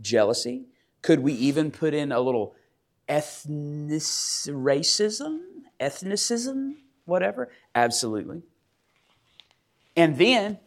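A man's voice: on the high side, takes it slowly. A man preaching a sermon, asking his listeners questions and acting out the people in the story. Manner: animated, acts out quotes, asks the audience questions. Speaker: pastor.

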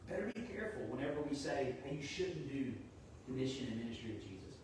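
A man's voice: medium pitch, fast, very echoey, recorded from a distance, a little hiss or hum, rough recording. A man preaching a sermon in a conversational, storytelling way. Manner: conversational, storytelling, animated when quoting. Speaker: pastor.

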